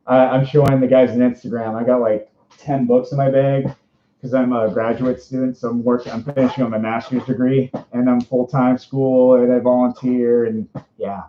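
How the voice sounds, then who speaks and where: A man's voice: mid-range voice, flat delivery, normal speed. Rambling bubbly man with a Minnesota accent. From Minnesota, USA. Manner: rambling, bubbly, laughs often. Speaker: livestream interviewer and host. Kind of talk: casual livestream chat. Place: indoors, speaking from inside a fursuit. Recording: roomy, dull lo-fi stream audio.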